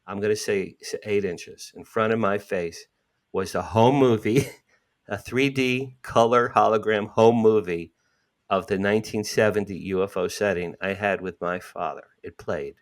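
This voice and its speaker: A man, telling a personal story as an interview guest, acting out quotes with sudden jumps in pitch. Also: normal speed.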